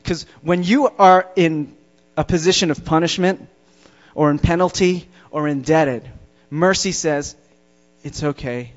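A man in the pulpit delivering a sermon to his congregation, his voice sitting a little high for a man. He preaches emphatically, drawing out and stressing the words that matter. The recording sounds dull and lo-fi. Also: measured pace. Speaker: pastor. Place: church before a congregation.

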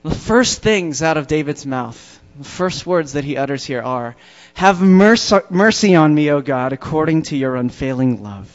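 Preaching to his congregation in church, a pastor whose voice runs slightly high for a man delivers an expressive sermon at normal speed with few pauses. He leans hard on key words, stretching and stressing them. The recording is dull and lo-fi.

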